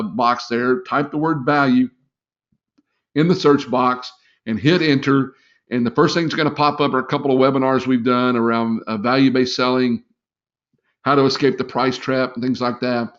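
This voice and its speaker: Middle-aged guy running a sales webinar, folksy and chatty, average pitch, kinda muffled lo-fi sound. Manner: folksy, encouraging, chatty with many fillers. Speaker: sales trainer hosting a webinar. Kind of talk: casual live webinar talk. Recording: slightly dull lo-fi webinar audio.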